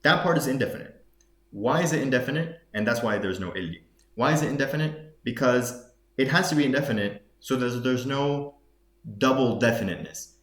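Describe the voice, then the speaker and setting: A man's voice: medium pitch, expressive, fairly quick, fairly bright tone, roomy sound. A man explaining Arabic phrases in English during a reading lesson, thinking aloud with many fillers and restarts as he switches between the two languages. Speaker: Arabic dialect teacher.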